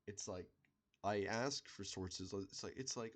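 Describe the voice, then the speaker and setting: A man in an unscripted solo monologue, rambling and halting, with many restarts, fillers and the odd swear word. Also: on the low side, steady tone. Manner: swears in passing. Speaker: video creator.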